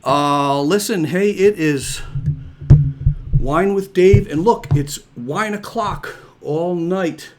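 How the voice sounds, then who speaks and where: A man's voice: a little high, slow pace, hardly any pauses, background noise. A man hosting his own live show from home, chatting casually and upbeat, a little out of breath, repeating himself as he goes. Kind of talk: casual live-stream chat.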